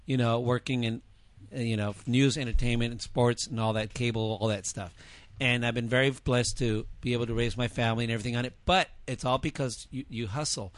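A man's voice: mid-range voice, dry recording. A middle-aged man telling a rambling story in a casual interview chat, often interrupting himself. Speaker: freelance TV cameraman, radio show co-host.

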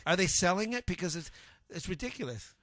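Man, middle-aged, radio co-host, relaxed banter, says dude a lot, dry close sound. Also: sits high, a little fast, dry recording. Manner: laid-back, calls people dude. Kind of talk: casual radio show banter.

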